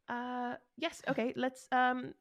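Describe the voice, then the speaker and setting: A woman's voice: high voice, bright, forceful tone. A woman playing a tabletop game, speaking in a soothing, fluttery, giggly way. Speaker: player. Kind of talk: casual tabletop play.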